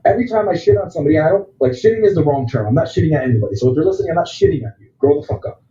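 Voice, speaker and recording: A man talking bluntly and profanely as a wrestler guest, telling stories in an animated way in a casual interview. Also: a little high, racing. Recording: echoey room, dull lo-fi sound.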